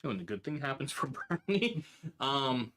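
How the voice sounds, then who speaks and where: A man's voice: mid-range voice, sing-song, normal speed, noisy background. A man narrating a tabletop game as game master, playful and teasing with his players.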